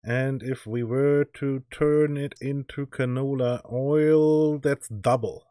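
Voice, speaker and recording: A man's voice: medium pitch, steady tone, slow, dark tone, no echo. A man with a German accent chatting casually and joking while he plays a farming game on stream. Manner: chatty, joking, thinks aloud. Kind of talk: casual gameplay commentary. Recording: noisy background hiss.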